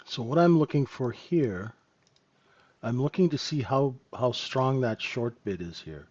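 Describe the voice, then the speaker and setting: A man's voice: medium pitch, animated, unhurried, darkish tone, highs cut off. A man hosting a live trading lesson, talking casually and checking in with "right?" after many points. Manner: conversational, keeps asking "right?". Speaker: trading room host and trainer.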